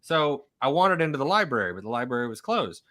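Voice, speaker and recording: A man telling a story in casual chat, animated, swearing freely and acting out what other people said. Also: medium pitch, quick pace.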